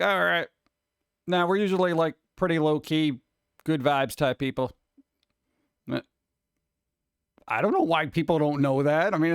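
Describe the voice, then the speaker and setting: Male stream host, casual and self-mocking chat; smooth, dry close-mic sound. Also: a little high, dry recording. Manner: rambling, joking, self-deprecating. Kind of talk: casual chat reading viewer comments.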